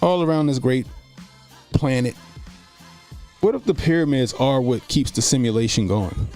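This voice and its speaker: A man hosts a casual live stream at a middle pitch, with faint music underneath. He rambles through profane, laughing stories and answers chat comments as they come in. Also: normal speed, a little mellow. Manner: loose, profane, laughing storytelling. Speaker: streamer host.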